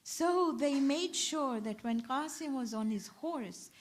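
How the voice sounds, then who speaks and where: A woman's voice: sits high, animated, slow pace. A woman with a British accent giving a majlis sermon, narrating a story and acting out the dialogue. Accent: British English. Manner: storytelling, acts out quoted dialogue. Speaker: zakira. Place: ladies' majlis hall.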